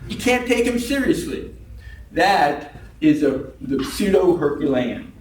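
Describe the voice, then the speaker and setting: A man delivering a comic club speech, wry and storytelling, his voice sitting a little high for a man. He is recorded from a distance in an echoey meeting room, with faint background noise. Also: sing-song, unhurried, a little mellow. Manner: wry storytelling, acts out quoted people. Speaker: club speaker. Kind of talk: humorous prepared speech.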